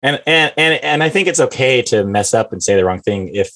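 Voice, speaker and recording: A man hosting a casual podcast chat, rambling and acting out quoted people in animated voices. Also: mid-range voice, a little fast. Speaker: podcast host.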